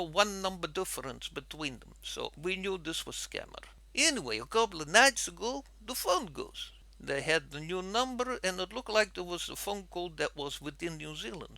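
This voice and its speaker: A man's voice: high-pitched, gravelly, sharp tone, dry recording. A man in a put-on Russian accent telling a comic story at home, dropping articles as he talks. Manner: drops articles in a mock-Russian way. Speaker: comedy vlogger.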